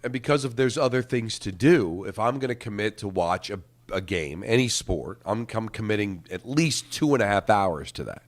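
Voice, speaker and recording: A man's voice: fairly low pitch, lively intonation, moderate pace, hardly any pauses. A middle-aged man, hosting sports talk radio and rambling, repeating words as he thinks.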